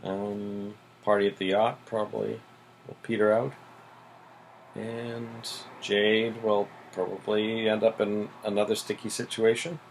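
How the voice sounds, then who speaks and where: Low gravelly guy chatting through a show recap, bit of hiss behind. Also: measured pace, rough recording. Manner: relaxed, plot-summarizing, frequent "mm-hmm" and "so". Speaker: podcast co-host. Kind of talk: casual recap chat.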